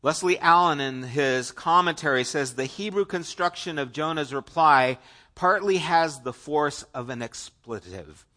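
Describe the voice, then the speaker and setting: A male pastor preaching an earnest, conversational sermon, talking straight to the congregation and swinging between emphatic lines and hushed asides. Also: on the high side, measured pace.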